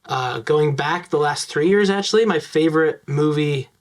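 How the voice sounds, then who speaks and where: A young man giving casual, enthusiastic commentary on his film picks, talking quickly with lots of fillers. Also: a little high. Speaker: vlogger.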